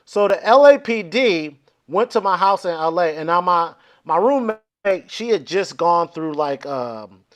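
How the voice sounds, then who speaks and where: A man's voice: sits high, animated, a little slow, few pauses. A man telling a long funny story, acting out quotes and swearing freely as he goes. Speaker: comedian guest. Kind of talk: storytelling on a comedy podcast.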